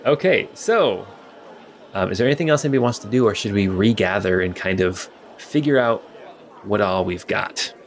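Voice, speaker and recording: A man's voice: lowish voice, lively intonation, normal speed. A man narrating a tabletop game as game master in a casual, rambling way with many fillers.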